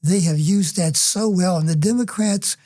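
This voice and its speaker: A professor on a casual panel talks at a mid pitch with a warm, mellow tone. The delivery is measured and a little hesitant, with fillers between thoughts. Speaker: history professor on a faculty podcast.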